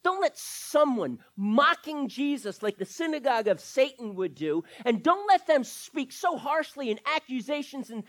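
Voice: high voice, normal speed, hardly any pauses. Pastor preaching a sermon, voice swoops up and down a lot, keeps throwing out questions, goes through bible verses one by one. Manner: animated preaching with rhetorical questions; explains scripture verse by verse.

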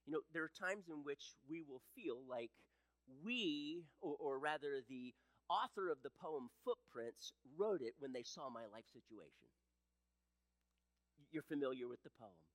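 A man preaching a sermon as pastor, building up to loud emphatic passages and dropping to hushed, soft lines, often repeating words. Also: on the high side, expressive, moderate pace, no echo, rough recording. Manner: impassioned, swings between loud emphasis and hushed softness.

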